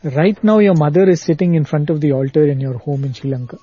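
Animated man telling a story. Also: on the high side, quick pace, slightly rough, dry recording, dull audio, soft background music. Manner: animated storyteller, acts out quoted speech. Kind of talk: storytelling in a spiritual talk.

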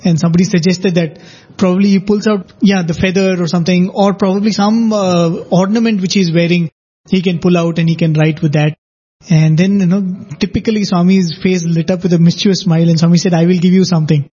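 A man's voice: high voice, steady tone, fairly quick, dark tone, husky, dull audio. A man in a devotional discussion, explaining episodes at length with frequent asides.

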